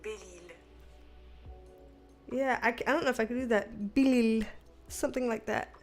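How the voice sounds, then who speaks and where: A woman's voice: fairly high pitch, fairly even intonation, quick pace, soft background music. A young adult woman from the United States hosting a casual live chat, a bit tipsy, giggly and rambling, swearing casually as she reads out the chat. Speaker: livestream host reading chat.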